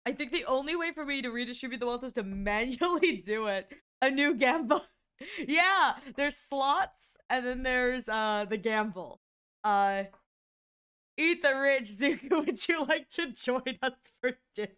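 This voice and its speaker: A woman live-streaming, chatting casually to her viewers with excitable exclamations and frequent giggles. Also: sits high, measured pace, smooth.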